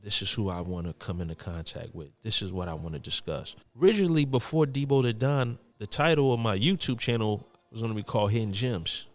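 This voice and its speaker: A man's voice: lowish voice, fairly quick, hardly any pauses. A man from Brooklyn who is a podcast guest, telling stories in a casual interview and acting out what his friends said. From Brooklyn, New York. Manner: storytelling with frequent quoted voices.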